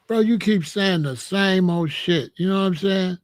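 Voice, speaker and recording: Ranting heatedly on his livestream, an adult male host mocks chat viewers in a combative, profane way. He speaks in a high voice, unhurried yet with hardly any pauses.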